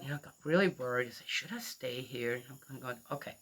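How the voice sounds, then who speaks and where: A woman's voice: a bass voice, fast talker, hardly any pauses, pushed and bright. Chatty woman telling a story. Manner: rambling, chatty, many fillers and acted-out quotes. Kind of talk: casual spoken storytelling.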